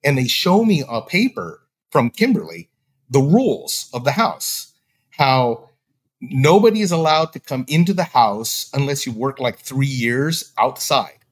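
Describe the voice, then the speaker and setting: A man's voice: mid-range voice, unhurried. A man telling a story in casual talk, acting out the voices of the people he quotes. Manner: animated, acts out quoted dialogue. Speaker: podcast guest.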